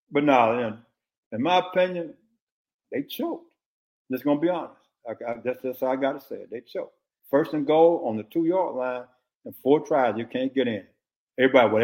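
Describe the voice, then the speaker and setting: An older man, a former football coach, giving blunt, animated opinions in casual sports talk. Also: medium pitch.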